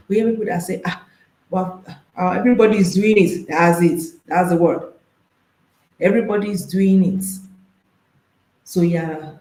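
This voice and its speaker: A marriage and intimacy coach addresses an audience in a mellow, mid-range voice, speaking emphatically, repeating phrases, and firing off rhetorical questions. The rough recording has an echoey room sound.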